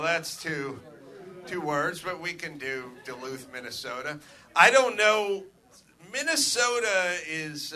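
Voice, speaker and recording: A middle-aged man hosting a live comedy podcast from a club stage, ranting with profanity and building to shouts. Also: sits high. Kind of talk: live stand-up style rant.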